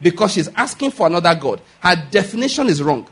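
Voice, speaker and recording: Preaching fast in a sing-song, fairly bright voice that is high-pitched and husky, a male pastor hammers his message with emphasis. He peppers the congregation with call-and-response questions and repeats key lines over and over.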